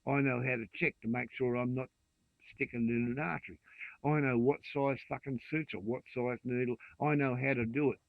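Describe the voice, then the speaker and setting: Ranting profane older Australian man, gravelly. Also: medium pitch, steady tone, brisk, no echo. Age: 60s. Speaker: vlogger. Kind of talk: angry rant to camera. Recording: dry tinny phone-like sound.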